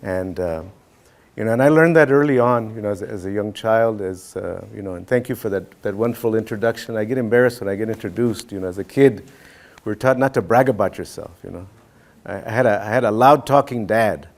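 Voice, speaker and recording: A man's voice: on the low side, fairly quick. Chatty man telling family stories. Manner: relaxed, chatty, many fillers. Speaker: keynote speaker. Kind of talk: personal storytelling speech.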